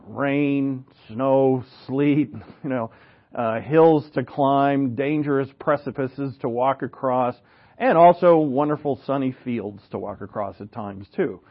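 A man's voice: medium pitch, slow, highs cut off. A man preaching a sermon in an earnest, conversational way, with asides and rhetorical questions. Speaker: pastor.

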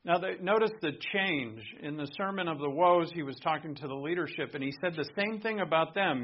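A man from Rhode Island preaching a sermon in a conversational way, swinging between soft asides and emphatic points. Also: fairly high pitch, moderate pace, dull audio. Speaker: pastor.

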